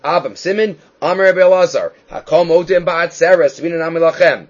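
A man's voice: fairly high pitch, brisk. A man teaching a Talmud class as a rabbi, lecturing emphatically, his voice jumping up and dropping down to stress points. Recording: dull lo-fi recording.

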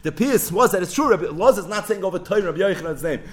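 Man, Talmud teacher, quick animated sing-song delivery, slightly high voice. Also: slight background noise. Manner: sing-song learning cadence, acting out the rabbis' voices. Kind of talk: animated Talmud class, mixing Aramaic and Hebrew into English.

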